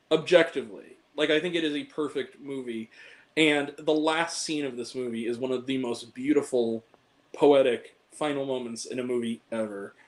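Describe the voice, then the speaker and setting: A man's voice: mid-range voice, low-quality recording. A young man hosting a casual film talk, speaking earnestly and from the heart about a movie that moved him. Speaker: podcast host ranking films.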